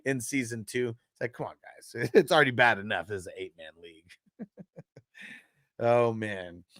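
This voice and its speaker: A man's voice: medium pitch, a bit bright, dry recording, studio quality. A man hosting a fantasy football live stream in loose, casual chat, laughing often and swearing freely as he talks.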